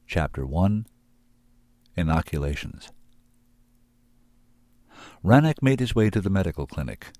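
Deep-voiced man reading a story aloud. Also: big pitch swings, a little slow, pauses often, a little mellow, no echo. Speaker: reader of submitted manuscripts. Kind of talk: storybook narration.

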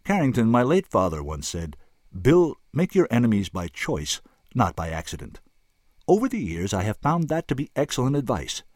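A man reading an audiobook, voicing a calm male military officer who speaks quietly and formally. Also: medium pitch, moderate pace, no echo, clean studio sound, pitched above the performer's own voice. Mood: dry.

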